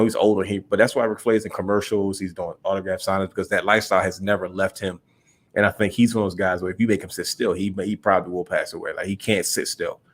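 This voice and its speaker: On a laid-back podcast, a young co-host with a fairly low voice drifts through long, rambling stories. He keeps things relaxed and addresses his co-host as bro.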